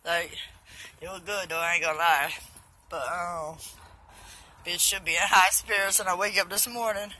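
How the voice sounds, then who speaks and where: Tipsy young woman, bright voice. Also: fairly low pitch, steady tone, normal speed, pauses often, rough recording. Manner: profane, loose, laughing, drunk banter. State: drunk. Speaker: vlogger. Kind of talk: casual rambling selfie vlog. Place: outdoors by a busy road.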